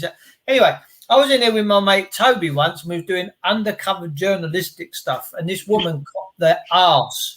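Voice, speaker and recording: A man's voice: high-pitched, bright, forceful tone. A man hosting a casual chat, laughing and teasing as he tells stories. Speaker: host.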